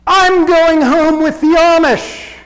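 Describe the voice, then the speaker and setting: A man putting on an excited, agitated woman. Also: very high-pitched, fast, long reverb tail, pitched above the performer's own voice, low-quality recording.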